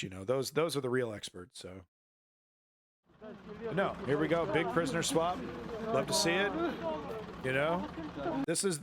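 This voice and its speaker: A man's voice: mid-range voice, fairly bright tone, dry recording, studio quality. A man streaming casual commentary on news footage, rambling with many fillers and restarts and a sardonic edge.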